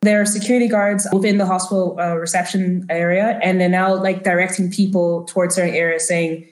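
A woman's voice: fairly low pitch, level tone, fairly quick. A woman narrating a tabletop role-playing game as game master, with a loose, descriptive manner full of fillers. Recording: roomy echo.

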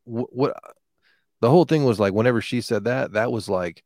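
A man's voice: medium pitch, moderate pace, darkish tone, dry recording, studio quality. A man in casual chat, telling a rambling, profane story with lots of fillers.

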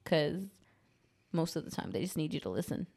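A woman's voice: low voice, sing-song, gravelly, a little mellow, slightly rough. Candid laughing woman podcaster. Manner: candid, laughing, quick repeated phrases with frequent "right?". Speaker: podcast co-host. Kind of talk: casual chat.

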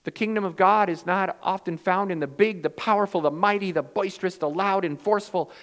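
A male pastor delivering a sermon, swinging from loud, emphatic lines to hushed, quiet ones, and acting out the voices in his stories. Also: high voice, a little fast, big-room sound. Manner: acts out quoted voices in storytelling.

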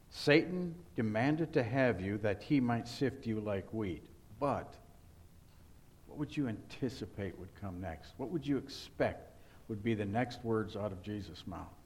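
A man preaching an earnest sermon to his congregation. He keeps asking rhetorical questions and speaks at an ordinary pitch for a man. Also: darkish tone. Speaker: pastor.

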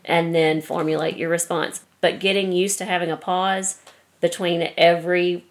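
Woman, podcast co-host, casual chat, measured and explanatory, a slightly low voice. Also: flat delivery.

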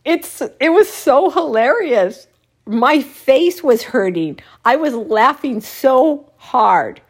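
A woman's voice: high-pitched, takes it slowly, husky. Woman laughing through a funny story. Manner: laughs often mid-sentence, lively storytelling. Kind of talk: casual personal anecdote.

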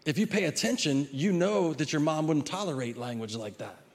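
Middle-aged male pastor, conversational sermon delivery, a little higher-pitched than most men, with repeats and restarts. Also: animated, moderate pace. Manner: conversational preaching with frequent repeated words and restarts; acts out a child's pleading voice in quotes.

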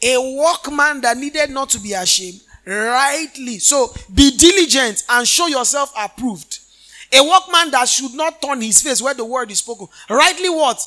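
A man's voice: extremely high pitch, expressive, a little slow, pushed and bright. A man preaching a sermon, often asking the congregation questions and answering them in a sing-song preaching cadence. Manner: call-and-response questions to the congregation. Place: church.

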